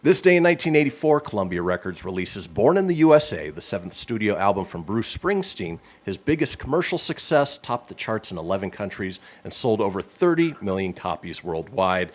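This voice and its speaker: Man, radio host, low voice, very animated delivery, laughs often, casual history banter. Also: a little fast, few pauses.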